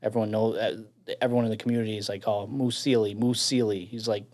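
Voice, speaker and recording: A man's voice: on the low side, fairly even intonation, fast talker, darkish tone. A man with a Chicago accent, a firefighter guest, telling a story in casual chat, laughing often and swearing freely.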